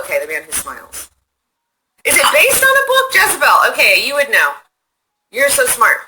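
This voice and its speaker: A woman streams live from her phone, rambling to her viewers and answering their comments. Her voice is very bright and sharp, with a faint hiss behind it. She swears freely and gets excited as she talks. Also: mid-range voice, rough recording. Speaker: livestreamer. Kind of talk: casual chat reading viewer comments.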